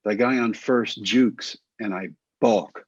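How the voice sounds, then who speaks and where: Casting note: middle-aged male storyteller, husky voice, dull dry lo-fi sound, animated. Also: fairly low pitch, slow, no echo. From Texas. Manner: animated, acts out quoted voices. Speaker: guest, former baseball pitcher. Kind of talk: casual storytelling interview.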